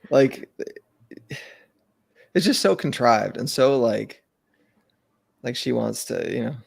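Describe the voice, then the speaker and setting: A man co-hosting a casual podcast chat, rambling and halting with lots of fillers. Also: mid-range voice, lively intonation, gravelly, breathy edge. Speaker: podcast co-host.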